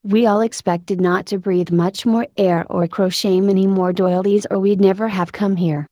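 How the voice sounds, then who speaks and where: A woman's voice: medium pitch, steady tone, normal speed, mellow, dry recording, clean studio sound, lightly acted. A woman reading the lines of a fiery, proud woman of eighty-five who speaks out indignantly to a crowd, in storybook narration. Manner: indignant, forthright.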